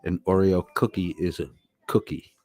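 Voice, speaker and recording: A man's voice: low voice, fairly even intonation, normal speed, darkish tone. A man live-streaming, reading chat comments aloud and answering them in a rambling, profane, casual way. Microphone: laptop microphone.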